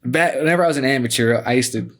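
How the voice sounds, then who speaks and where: A man's voice: mid-range voice, rapid-fire. A man in his twenties, a podcast guest telling stories casually, laid-back and profane, dropping "man" into nearly every sentence. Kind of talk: casual storytelling.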